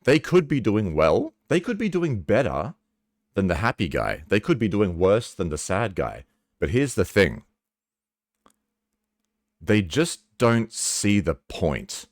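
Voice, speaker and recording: A man with a very low voice talks candidly to camera, casual and earnest, swearing now and then. His pitch swings widely as he explains. The sound is dry, with no room echo. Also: big pitch swings, moderate pace. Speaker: vlogger. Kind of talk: candid personal talk to camera.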